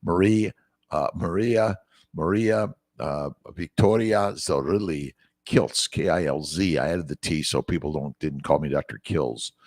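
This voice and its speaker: A man's voice: a bass voice, unhurried, darkish tone, dry recording, clean studio sound. A man in his sixties hosting a morning livestream, rambling in an encouraging way as he reads out viewer names and comments. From United States. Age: 60s. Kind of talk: casual livestream chat reading viewer comments. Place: away from his usual office. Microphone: phone mic.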